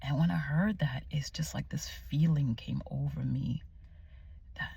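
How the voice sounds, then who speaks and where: A woman vlogger sharing a personal faith testimony, candid and emotional, often dropping to hushed tones. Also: low voice, steady tone, unhurried, vocal fry, husky, muffled recording. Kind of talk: confessional personal storytelling.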